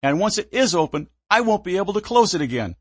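A man voicing a terrified young man who shouts high, strained pleas in a storybook reading. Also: sing-song, fast, slightly rough, no echo, full character voice. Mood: panicked.

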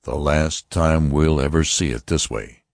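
A man voicing a grim, determined old priest in an audiobook, speaking in a low murmur. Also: a little slow, creaky, no room sound, clean studio sound, full character voice.

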